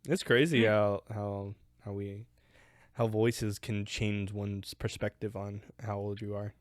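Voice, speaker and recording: A man's voice: fairly low pitch, flat delivery, takes it slowly, dry recording, clean studio sound. A teenage guy hosting a casual question-and-answer chat, rambling with lots of restarts and laughter. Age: teens. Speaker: channel host answering questions.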